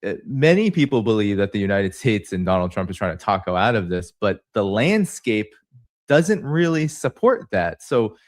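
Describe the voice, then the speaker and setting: A man's voice: on the low side, very animated, normal speed, no echo, studio quality. A man hosting an interview, asking long, rambling questions full of fillers. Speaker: show host.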